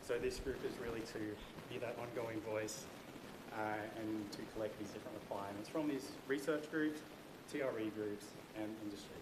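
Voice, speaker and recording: A man with an Australian accent giving a research pitch talk at a conference, loose, with fillers and self-corrections. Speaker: conference presenter. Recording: echoey room with clear noise.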